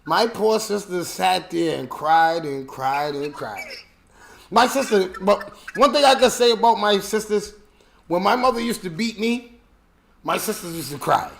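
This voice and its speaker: High gravelly guy telling wild family stories, acts everyone out. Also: unhurried. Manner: animated, acts out family members in quotes. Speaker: podcast host. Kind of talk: casual storytelling chat.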